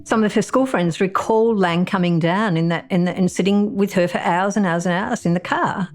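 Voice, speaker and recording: A woman's voice: medium pitch, normal speed, soft background music. Wry woman being interviewed.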